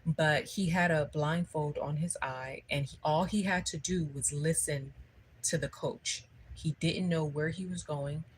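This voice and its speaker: A woman's voice: deep voice, steady tone, measured pace, slight background noise, rough recording. A woman giving a spiritual livestream talk, telling a story conversationally and often checking in with her listeners. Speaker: spiritual speaker.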